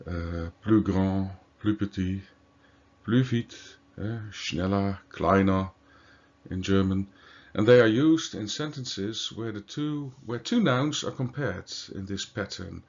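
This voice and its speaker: A man, a native Dutch speaker, giving a slow, deliberate grammar lesson with occasional fillers and self-corrections. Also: fairly low pitch, a little mellow. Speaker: language teacher. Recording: dull lo-fi recording.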